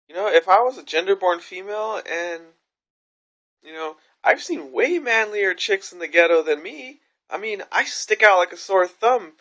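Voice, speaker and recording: A woman's voice: medium pitch, animated, moderate pace, a bit bright. A woman vlogging to camera, telling a story in a frank, rambling way with plenty of swearing. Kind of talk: candid vlog monologue.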